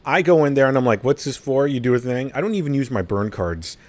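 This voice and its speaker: A man's voice: lively intonation, quick pace, noisy background. A man chatting casually on a podcast, rambling and self-deprecating, acting out quotes. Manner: rambling, self-deprecating, acts out quotes with big pitch jumps. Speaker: guest streamer.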